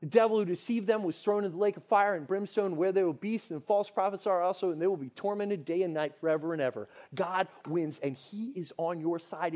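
A man giving a casual sermon, telling scripture stories with lively voices and reading verses slowly. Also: high voice. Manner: animated storytelling with dramatic voices and shouts. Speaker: preacher.

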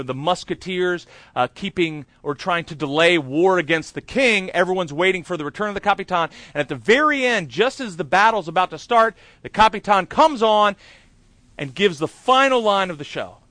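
A man's voice: high voice, lively intonation, moderate pace, sharp tone, dry recording. A man voicing a persuasive female talent agent who coaxes her client toward an offer. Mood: coaxing. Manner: coaxing, selling an offer.

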